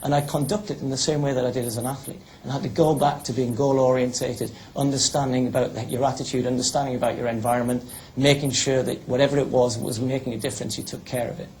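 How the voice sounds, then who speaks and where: A man's voice: medium pitch, steady tone, quick pace, few pauses, darkish tone, a little hiss or hum, poor audio. A middle-aged British man, a former athlete and broadcaster, giving a chatty public talk full of anecdotes. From United Kingdom. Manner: chatty, restarts, tells stories.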